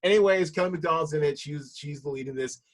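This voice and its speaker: American male host, somewhat high voice, rambling self-correcting chat. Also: fast talker. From United States. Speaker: podcast host. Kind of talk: casual podcast chat.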